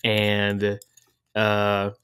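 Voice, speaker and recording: A man's voice: on the low side, monotone, drawn-out words, a bit bright, clear, resonant tone, no room sound. A man casually summarizing a movie plot in a meandering, hesitant way on a comedy podcast. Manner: meandering, hesitant, full of "uh" and restarts. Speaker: podcast co-host.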